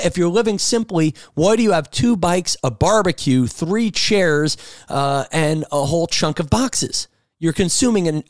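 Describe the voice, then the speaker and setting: A middle-aged New man rambles through a casual podcast monologue, animated and storytelling as he goes. His voice sits at an ordinary pitch, recorded dry and close with no room sound. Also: no room sound. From New York City. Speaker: podcast host.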